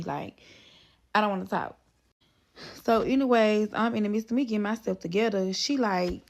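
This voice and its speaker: A woman's voice: medium pitch, steady tone, brisk, vocal fry, dry recording. Fed-up, profane woman telling a story. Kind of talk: casual storytime.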